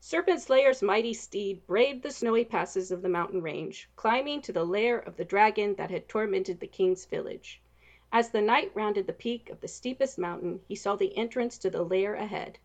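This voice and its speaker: A woman narrating a storybook in an expressive, even reading voice. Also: mid-range voice, moderate pace, highs cut off.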